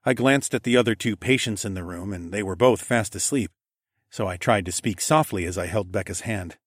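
Brief: male narrator, lowish voice, soft even storytelling, dry close read. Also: brisk, no room sound. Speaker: audiobook narrator. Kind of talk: scripted first-person narration.

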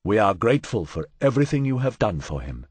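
A man's voice: fairly low pitch, big pitch swings, quick pace, darkish tone, breathy edge, no echo. A man voicing a graceful female robot envoy with a lustrous, melodic voice and formal, courteous speech.

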